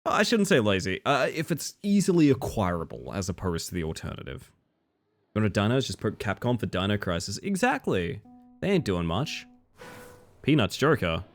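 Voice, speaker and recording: A young man streams a game live, his voice sitting on the low side with wildly swooping pitch at a moderate pace. He chats casually and swears freely as he reads and answers viewers' chat. Faint music plays behind him, with no room sound.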